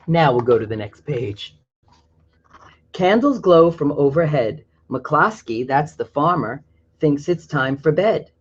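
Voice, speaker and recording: A reader working slowly through a rhyming picture book, stopping often to chat about what the pictures show. The voice is mid-pitched and the recording sounds dull and lo-fi. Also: slightly rough. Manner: pauses to explain pictures in a chatty aside. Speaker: storybook reader. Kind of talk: reading a picture book aloud.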